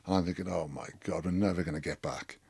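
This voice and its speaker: A middle-aged man talks fast in a low-pitched, slightly rough voice with vocal fry. Guesting on a podcast, he animatedly tells a rowdy story laced with swearing.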